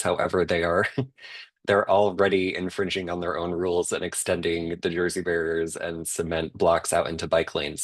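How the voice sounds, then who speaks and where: Commissioner, male, very low and monotone, presents a resolution in a halting way. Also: no room sound. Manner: halting, with filler words. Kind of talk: meeting presentation.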